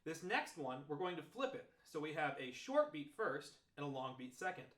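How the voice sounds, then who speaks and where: Guy explaining trombone practice drills, kinda high voice, roomy echo around him. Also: moderate pace. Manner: relaxed, explanatory, talks through examples step by step. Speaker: trombone teacher. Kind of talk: demonstrating practice techniques.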